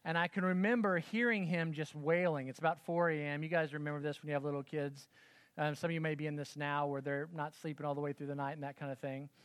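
A man in his forties delivers a sermon to parents in a loose, chatty way, often pausing to check in with the room. His voice sits a little high for a man. The sound is dry and close, with no room echo. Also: fairly even intonation, smooth. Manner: conversational, self-deprecating storytelling with frequent "okay?" check-ins. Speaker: pastor.

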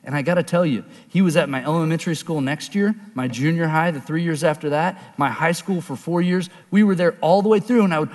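A man from Oklahoma telling a personal story as a sermon, animated and acting out voices, then dropping low and quiet for serious points. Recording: long reverb of a large hall.

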